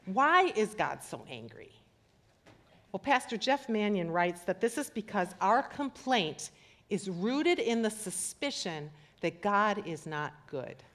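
A middle-aged woman preaching a sermon, reading scripture and acting out the voices in it with lively commentary. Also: medium pitch, slow. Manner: animated, acts out scripture voices. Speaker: pastor.

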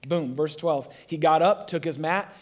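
Speaking at normal speed in a fairly high voice, a pastor preaches a sermon to his congregation. He tells the story with energy and acts out the voices.

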